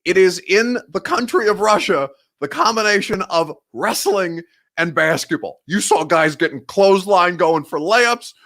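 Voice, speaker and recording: A young man hosts a live evening sports show with a slightly high voice. He talks in a loose, rambling way, mocks himself, and laughs often between thoughts. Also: lively intonation, unhurried, gravelly, fairly bright tone. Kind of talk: casual live show banter.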